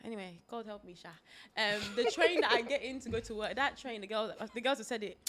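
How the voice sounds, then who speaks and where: Young woman, podcast co-host, bright voice, fairly high, animated storyteller. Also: fast, a little hiss or hum. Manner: animated, laughing, mimics voices in stories. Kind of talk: casual storytelling chat. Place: podcast studio.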